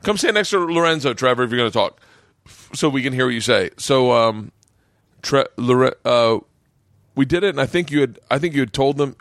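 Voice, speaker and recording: A man hosting a podcast, telling a rambling, profane, animated story with many restarts in casual chat. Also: medium pitch, fairly quick, no room sound, clean studio sound. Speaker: podcast host.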